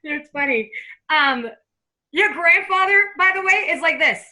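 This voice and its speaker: A woman's voice: extremely high pitch, animated, unhurried, sharp tone, rough recording. A woman giving a psychic medium reading, chatting and laughing as she acts out a spirit's words. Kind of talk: live reading conversation.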